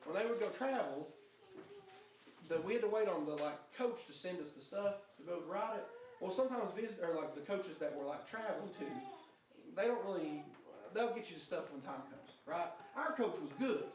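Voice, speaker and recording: Young guy preaching, kinda high voice, chatty storytelling, lots of restarts, big echoey church, mic far off. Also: lively intonation, normal speed. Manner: earnest storytelling, conversational, with frequent restarts. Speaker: pastor. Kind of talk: sermon with personal story. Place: church sanctuary.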